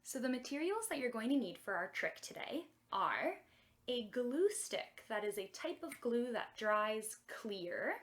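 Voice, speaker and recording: A young woman leading a children's music and magic lesson in a gentle, encouraging way that is exaggerated for kids. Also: on the high side, sing-song, a little slow.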